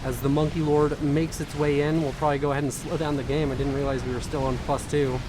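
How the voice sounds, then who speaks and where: A man's voice: a little high, little pitch movement, background noise. Tired, chatty man casting a video game. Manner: quick, chatty, self-mocking. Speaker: game caster.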